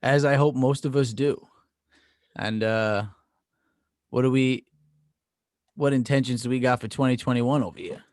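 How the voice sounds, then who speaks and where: A man co-hosting a casual podcast, talking in a measured, easygoing way. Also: mid-range voice, steady tone, a little mellow, no room sound. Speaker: podcast co-host.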